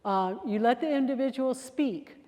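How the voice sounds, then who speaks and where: A woman's voice: fairly high pitch, moderate pace, dark tone. A woman giving a security training presentation in a chatty, conversational way, sometimes acting out example phrases. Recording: long hall reverb.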